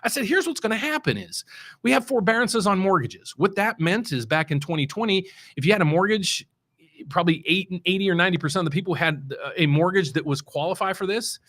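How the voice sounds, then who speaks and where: A high, fairly bright voice with lively intonation comes at a fairly quick pace from a middle-aged West Virginia man. He's a mortgage loan officer hosting his show, and his casual, unscripted market commentary is loose and rambling, with many restarts and hard emphasis on key words.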